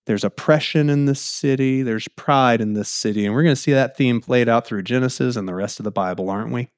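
A man preaching a sermon in an animated way, acting out the quotes in his text and laughing easily. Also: mid-range voice, fairly quick, dry recording, studio quality. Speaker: pastor.

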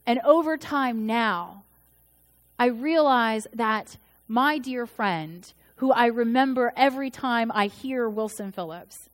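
A woman's voice: a little high, slow pace. A woman in her thirties, a pastor, preaching a sermon in a storytelling way and acting out the voices she quotes. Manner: storytelling, acts out quoted voices with shifts in loudness.

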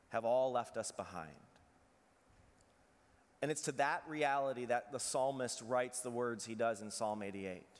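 Pastor, male, slightly higher voice, earnest sermon delivery with long hall reverb. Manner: earnest preaching, drops soft and slow on painful lines.

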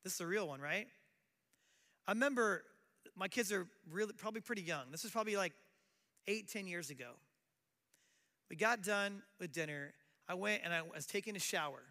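Middle-aged male pastor, high bright voice, chatty sermon, long hall reverb. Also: animated, moderate pace, long pauses. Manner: conversational preaching with acted quotes.

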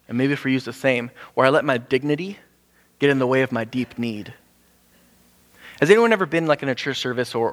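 A man preaching a casual, animated sermon, acting out the people in his story with jumps in pitch. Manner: animated, acts out quoted voices with sudden pitch jumps. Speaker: pastor. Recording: hall with long reverb.

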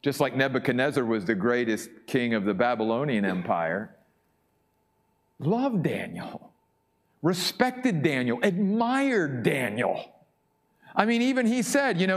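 Male pastor preaching, emphatic and repetitive, measured pace, lively high voice. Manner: emphatic, repeats key phrases. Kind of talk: sermon.

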